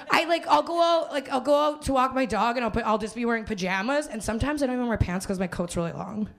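A young woman from Winnipeg performing a live stand-up set on a small theater stage, rambling and self-mocking, laughing through her lines. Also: mid-range voice. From Canada, Winnipeg. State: hungover. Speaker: stand-up comedian.

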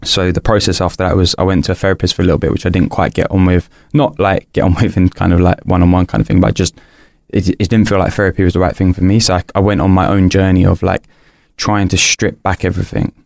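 A man's voice: sits low, flat delivery, quick pace, gravelly, a little mellow, dry recording, studio quality. A young man, a podcast guest, candidly telling a personal story in an earnest, rambling way, full of restarts and fillers.

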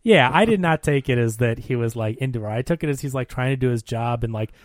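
A man's voice: medium pitch, dry recording. Chatty man arguing his take, dry sound. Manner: chatty, argues his point, quick agreeing interjections. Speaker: podcast co-host. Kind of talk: casual movie recap chat.

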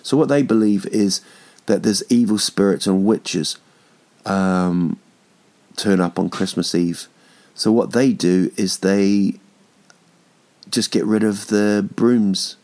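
Slow-paced and a little mellow, this man's lowish voice leaves long pauses as he hosts a podcast from home. In his thirties, he rambles jokily through a casual comedy monologue, swearing and stumbling over ums and restarts.

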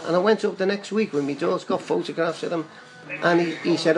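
A man's voice: on the high side, quick pace, over music, rough recording. An older man telling a long, chatty, rambling story as a guest on a talk show. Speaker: guest fan. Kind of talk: casual storytelling.

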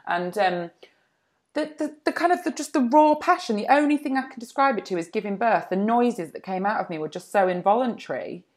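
A woman's voice: a little high, animated, brisk. A woman co-hosting a podcast, telling stories in a chatty, self-deprecating way. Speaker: podcast co-host. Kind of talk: casual chat. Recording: muffled remote line.

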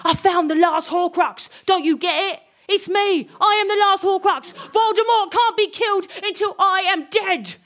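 A woman voicing a young male wizard hero with a put-on South London accent and a flat, self-pitying delivery, read aloud as a comic fan fiction. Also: mid-range voice, normal speed, hardly any pauses, voice pushed down, close to an everyday voice. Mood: anguished.

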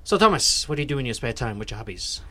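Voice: mid-range voice, very animated, quick pace, pushed and bright. A performer playing a flirtatious woman with a drawl in an improvised comedy sketch. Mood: chatty.

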